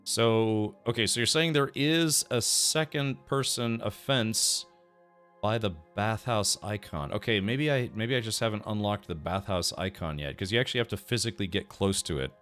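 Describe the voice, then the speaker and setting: A man's voice: lowish voice, moderate pace, a bit bright, faint music behind. A man streaming a game, chatting casually, thinking aloud and answering his chat. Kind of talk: casual gameplay commentary.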